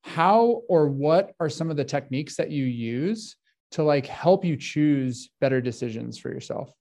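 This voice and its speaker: A man with a slightly high but mellow, warm voice co-hosting a casual talk show. He is thoughtful and affirming, pausing to find his words. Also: lively intonation, gravelly. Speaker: podcast co-host. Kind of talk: casual conversation.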